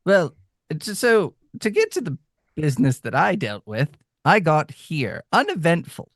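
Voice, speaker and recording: A man playing a tabletop role-playing game, speaking in a hesitant, stammering, halting way. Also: on the high side, wildly swooping pitch, a bit bright, dry recording, studio quality. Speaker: player. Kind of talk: in-character tabletop role-play.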